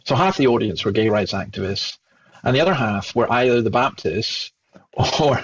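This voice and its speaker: Husky Scottish man telling a story. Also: mid-range voice, normal speed, muffled recording. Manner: animated, acts out remembered dialogue. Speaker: Christian speaker and guest. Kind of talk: storytelling in conversation.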